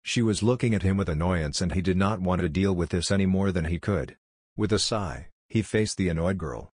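A man narrating a fan-fiction story in an even, unhurried reading. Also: low-pitched, husky, no echo, clean studio sound.

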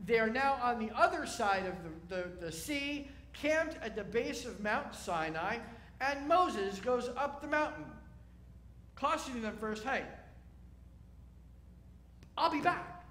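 A man's voice: extremely high pitch, lively intonation, measured pace, a bit bright, reverberant. A man preaching a sermon as a rabbi, speaking in a conversational, wry way and asking his listeners questions.

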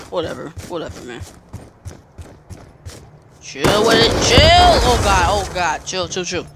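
Young guy freaking out playing a game, voice jumping all over, talks slow between yelps, loud game noise behind. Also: high-pitched. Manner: excitable, yelps and shouts in panic; repeats words rapidly. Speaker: gamer. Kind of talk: gameplay commentary. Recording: noisy game audio behind.

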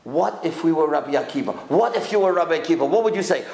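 A man giving a lively storytelling lecture as a rabbi, acting out the quotes in his stories. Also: fast talker, vocal fry. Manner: lively, acts out quotes with big pitch swings. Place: synagogue hall with audience. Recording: echoey lecture hall.

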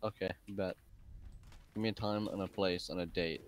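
A man's voice: low-pitched, fairly even intonation, moderate pace. A young man streaming a game live, joking, flustered and laughing often. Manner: jokey, flustered, laughs a lot. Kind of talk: live gaming stream chat.

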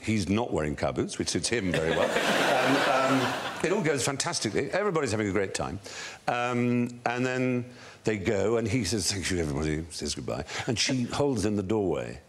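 A man with a lowish voice, speaking at a normal speed, appears as a talk show guest in a TV studio with an audience. He's a lively storyteller, sharing anecdotes and acting out other people's lines.

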